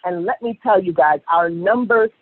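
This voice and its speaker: A woman's voice: fairly low pitch, normal speed, no echo. Gushing woman on a tinny phone line. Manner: excitable, gushing, repeats herself. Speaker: sales director. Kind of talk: motivational conference call.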